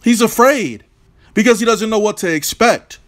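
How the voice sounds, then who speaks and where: A man's voice: high-pitched, lively intonation, moderate pace, fairly bright tone. A man hosting an opinionated, profane boxing vlog rant, brash and combative. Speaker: boxing commentator, channel host.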